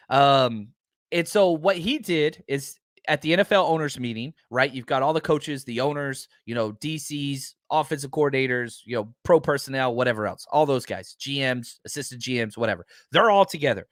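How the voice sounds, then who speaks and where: An energetic man hosts a live podcast, chatting with his viewers and rambling happily through his points with plenty of fillers. His voice sits a little high for a man. The sound is close and dry, with no room around it. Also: no room sound. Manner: enthusiastic, rambling with many fillers. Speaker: podcast host. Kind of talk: live-stream podcast chat.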